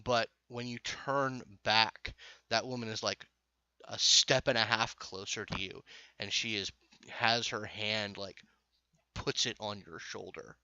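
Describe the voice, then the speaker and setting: A man narrating a tabletop game as game master, casual and halting with restarts. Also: on the low side, fairly even intonation, sharp tone, no echo, muffled recording.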